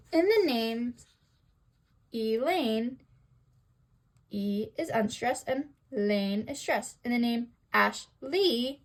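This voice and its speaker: Young woman doing a school lesson, high bouncy voice, reads it out slow and careful. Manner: slow, sing-song reading with rhetorical questions. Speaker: student presenter.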